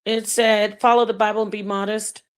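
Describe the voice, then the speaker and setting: A middle-aged woman hosting a livestream commentary, reading chat comments in a blunt, sassy way with loud outbursts. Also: medium pitch, flat delivery, normal speed, clear, resonant tone.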